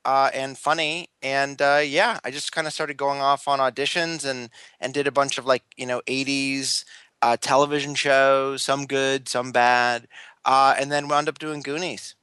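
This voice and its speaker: Bright, crisp-voiced American man. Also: medium pitch, little pitch movement, moderate pace, dry recording. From Los Angeles, USA. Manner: wry, jokey, self-deprecating. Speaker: guest, entertainment lawyer. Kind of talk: casual interview. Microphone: remote line.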